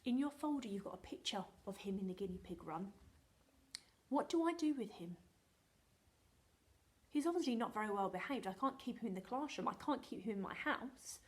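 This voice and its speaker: An English woman teaching a remote phonics lesson to young children, playful and animated, slipping into whispers and sounding out words slowly. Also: on the high side. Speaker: primary school teacher.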